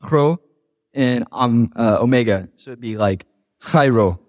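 A man's voice: medium pitch, measured pace, a little mellow, no echo, studio quality, long reverb tail. A young man, a college student, giving brief matter-of-fact answers on stage in a church. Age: young adult. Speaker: pastor's son, college student.

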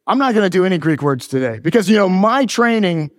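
Joking pastor with a higher voice. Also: male voice, lively intonation, moderate pace, no room sound, studio quality, long reverb tail. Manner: joking, teasing, then earnest preaching. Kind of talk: sermon. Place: church sanctuary.

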